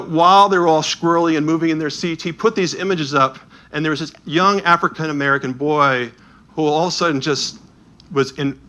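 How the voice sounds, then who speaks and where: A man giving a talk, telling lively anecdotes with quick asides and acting out the people in them. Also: a little high. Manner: animated anecdotal storytelling with asides. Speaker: speaker touring with a Bible edition. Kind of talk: storytelling talk.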